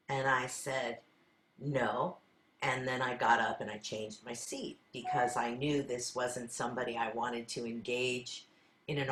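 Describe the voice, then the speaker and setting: A woman's voice: very deep voice, a bit bright. An older woman leading a class, telling her own stories in an earnest, conversational way and acting out her side of past conversations. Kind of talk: storytelling talk to a group. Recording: roomy echo.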